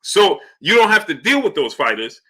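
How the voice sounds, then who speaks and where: A man's voice: sits high, very animated, moderate pace, pushed and bright, husky. A man hosting a live boxing stream, arguing his points and greeting chat viewers by name. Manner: argumentative, repeats points. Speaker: boxing show host.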